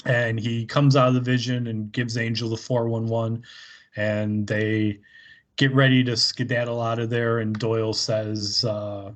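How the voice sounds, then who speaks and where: Slow, rambling male podcast co-host. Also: medium pitch, flat delivery. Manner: rambling, laughs often, many fillers. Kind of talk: casual chat recapping an episode.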